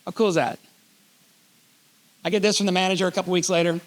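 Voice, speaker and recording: A middle-aged man giving an animated storytelling keynote on a conference stage, joking as he goes. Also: high-pitched, fast, slight background noise. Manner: animated, reads letters aloud, jokey asides. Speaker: keynote speaker.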